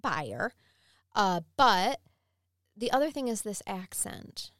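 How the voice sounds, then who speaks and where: A woman co-hosting a podcast, telling a true-crime story in a chatty, animated way and laughing often. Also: mid-range voice, slow, no echo, clean studio sound. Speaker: podcast co-host.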